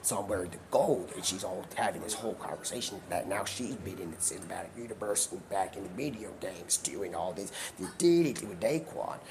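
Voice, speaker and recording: A very deep-voiced man talks on a livestream from behind the wheel of a car. He rambles through an improvised story and keeps slipping into put-on voices and whispers. Steady background noise runs under his voice the whole time. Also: brisk, hardly any pauses. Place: in a car while driving.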